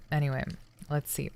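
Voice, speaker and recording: A young adult streamer practicing a feminized voice after male puberty, chatting casually with many hesitant restarts and throat clearings. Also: mid-range voice, dark tone. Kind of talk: casual livestream chat.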